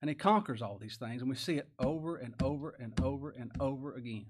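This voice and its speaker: Folksy preacher with a drawl. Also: male voice, medium pitch, fast. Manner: folksy, conversational preaching with sudden loud rhetorical questions. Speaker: pastor. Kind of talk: sermon.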